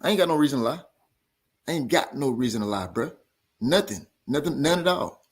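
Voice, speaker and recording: A man's voice: medium pitch, brisk, breathy edge. Fired-up man ranting. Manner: animated, repetitive, argumentative. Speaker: boxing show host. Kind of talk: heated casual rant.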